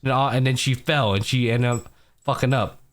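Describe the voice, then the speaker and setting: Speaking at a normal pace with fairly even intonation, a young man with a mid-range voice hosts a casual anime recap podcast. He goes through episodes one scene at a time, acting out characters' dialogue, and his loose talk is full of slang plus a curse here and there.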